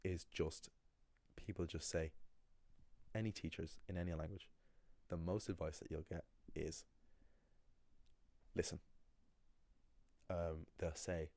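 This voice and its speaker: A man teaching pronunciation in a casual video lesson, talking in an animated way and acting out the voices he quotes. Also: deep voice, a little slow, no echo. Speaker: language teacher.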